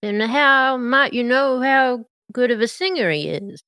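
A woman's voice: a little high, lively intonation, measured pace, bright, forceful tone, no echo, voice pushed up. A woman voicing a bashful, awkward small-town male deputy who stammers eagerly.

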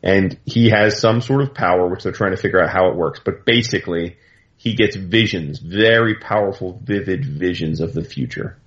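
A man's voice: low-pitched, normal speed, dull audio. A man recapping a comic book story in casual, rambling talk full of fillers and asides. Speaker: comics commentator.

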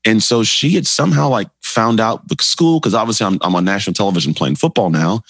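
A man in his forties, a guest on an interview podcast, telling his life story in an animated way and acting out quoted dialogue. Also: fairly low pitch, fast, husky, no room sound.

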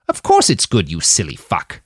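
A man voicing a sharp-tongued, slightly drunk woman leader who speaks with a slur. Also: mid-range voice, huge pitch swings, moderate pace, creaky, dry recording, clean studio sound, voice pushed up, heavily acted. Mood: tipsy, sharp. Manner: snappish, slightly slurred.

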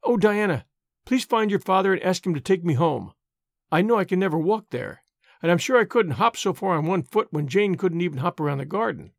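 A man's voice: high-pitched, animated, fairly quick, vocal fry, dry recording, studio quality. A man reading aloud, voicing an earnest, dramatic young girl with solemn, wordy speech. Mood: shaken. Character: imaginative dramatic girl, eleven-ish, earnest.

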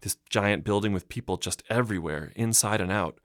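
A man's voice: lowish voice, brisk, fairly bright tone, no room sound, clean studio sound, close to an everyday voice. A man narrating a story, voicing a young mother's lines in a strained, raised voice. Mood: explaining. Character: young mother, tense and uneasy.

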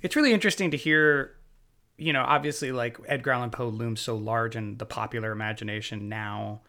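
A man's voice: medium pitch, a little fast, sharp tone, soft background music. A man hosting a casual conversation, talking in a thoughtful, rambling way.

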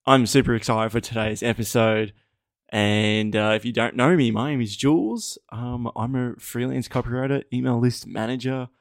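A man's voice: medium pitch, creaky, no room sound. Young Australian male podcast host, loose and candid, swears freely and laughs often, dry close sound. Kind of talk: casual solo podcast storytelling.

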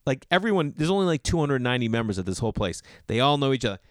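A man's voice: medium pitch, sing-song, racing, dry recording, clean studio sound. A male comedian telling casual stories, acting out the people in them with raised, exasperated voices. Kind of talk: casual storytelling.

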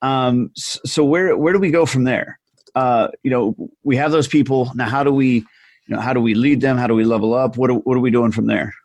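A man's voice: medium pitch, brisk, darkish tone, no echo. A man hosting an interview, recapping and asking the next question with a hesitant, filler-heavy manner. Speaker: host. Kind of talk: casual interview talk.

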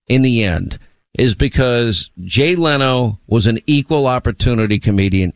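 A man's voice: mid-range voice, no room sound. A man hosting a talk radio show, speaking bluntly, often repeating words as he starts a thought.

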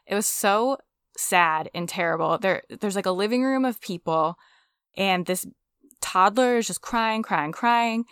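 A woman's voice: medium pitch, fairly bright tone, smooth, dry recording, studio quality. A woman co-hosting a true-crime podcast, talking candidly and with feeling. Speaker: podcast co-host.

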